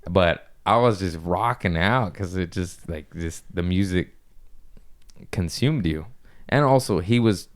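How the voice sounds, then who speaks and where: A man's voice: sits low, a little slow. A man, a stand-up comedian, telling rambling, profane stories in a casual podcast chat.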